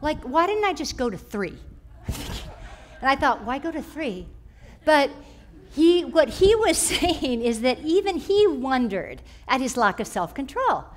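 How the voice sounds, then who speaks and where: A middle-aged woman teaching a church class through personal stories, animated, and often clearing her throat. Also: high-pitched, a little slow.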